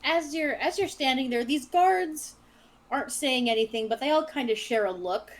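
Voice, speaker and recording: Bright-voiced woman running the game. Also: sits high, normal speed, rough recording. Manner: chatty, laughs often, restarts phrases. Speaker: dungeon master. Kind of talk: narrating a tabletop game.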